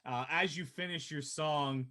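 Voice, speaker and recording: Guy dm rambling thru a tabletop scene, kinda high voice, lots of ums. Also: unhurried, bright, forceful tone. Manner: casual, rambling, many fillers, laughs at his own jokes. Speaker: game master. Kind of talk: narrating a tabletop game.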